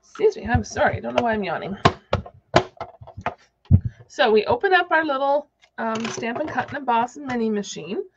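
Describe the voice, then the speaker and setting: A woman's voice: on the high side, animated, normal speed, pauses often, lo-fi sound, noisy background. A woman giving a casual, chatty crafting tutorial, thinking aloud as she works. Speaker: card-making demonstrator.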